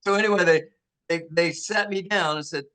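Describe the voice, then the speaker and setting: An older actor being interviewed, telling animated stories with many restarts and acting out the voices of people he quotes. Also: high-pitched, fairly quick, clear, resonant tone. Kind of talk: anecdotal storytelling.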